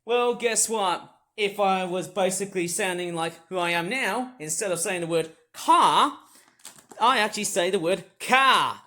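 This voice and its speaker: A man with an Australian accent talks in a high voice through a casual home vlog while he does chores. He rambles, circles back to the same points and keeps the tone upbeat and chatty. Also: moderate pace, hardly any pauses, fairly bright tone. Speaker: vlogger. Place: his own house, indoors.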